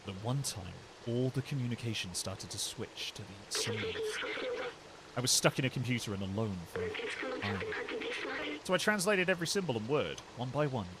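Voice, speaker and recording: A man voicing a small helper drone that recalls its memories in a soft, measured narration. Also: medium pitch, lively intonation, very noisy, natural voice. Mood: reflective.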